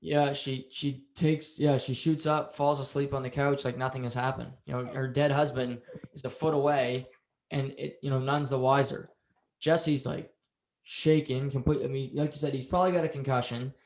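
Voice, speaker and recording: A man co-hosting a casual recap podcast, telling the story beat by beat and slipping into the characters' lines. His voice sits at an ordinary middle pitch. The recording has a roomy echo around it. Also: moderate pace. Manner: animated storytelling, acts out quotes. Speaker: podcast co-host. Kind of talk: casual show recap chat.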